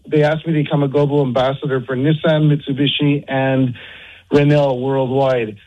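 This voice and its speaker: A man's voice: medium pitch, little pitch movement, moderate pace. A man calling in to a radio show, telling a story in a matter-of-fact way. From Quebec. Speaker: caller. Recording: dull phone line.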